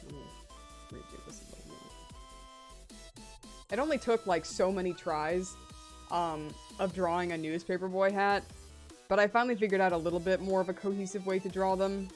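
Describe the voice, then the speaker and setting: A woman's voice: mid-range voice, fairly even intonation, moderate pace, pauses often, soft background music. A young adult woman chatting casually on a livestream while drawing, swearing freely and laughing often. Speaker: streamer drawing a webcomic.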